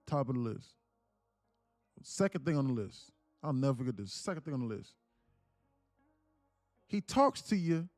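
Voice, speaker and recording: A man's voice: medium pitch, animated, brisk, a little mellow, no echo, soft background music. A man hosting a trading livestream, telling a personal story casually, emphatic and repetitive with many restarts.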